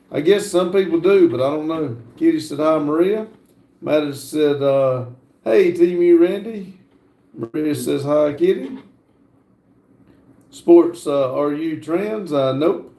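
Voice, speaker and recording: A middle-aged man with an American accent hosting a livestream, casually reading out viewer comments and answering them, often pausing with "uh". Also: fairly high pitch, vocal fry, mellow. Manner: halting, fills pauses with frequent "uh". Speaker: livestream host. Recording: roomy echo.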